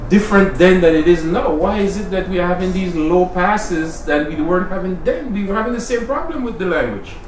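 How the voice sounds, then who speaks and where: A man from Belize interviewing a guest in a casual conversation, telling stories in an animated way and laughing often. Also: high voice, a little fast, few pauses, slight background noise. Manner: animated storyteller, laughs often, drops quiet for murmured agreement. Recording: roomy echo, mic at a distance, music behind.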